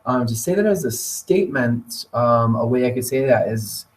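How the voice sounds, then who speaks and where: A man presenting a teacher training webinar, talking in a relaxed conversational way with occasional fillers. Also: medium pitch, moderate pace. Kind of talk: webinar lecture. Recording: voice distant from the mic.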